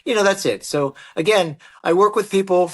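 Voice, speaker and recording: Man guest, storyteller, a bit high-pitched, animated, quotes people as he goes. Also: moderate pace. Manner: animated anecdote-telling with acted-out quotes. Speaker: guest, martial artist and actor. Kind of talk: storytelling in an interview.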